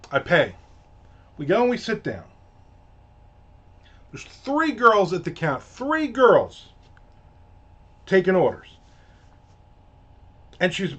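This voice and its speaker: A man's voice: sits high, fairly bright tone. A man hosting a casual ranting monologue, telling a story in a profane, exasperated way. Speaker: host. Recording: dull lo-fi audio.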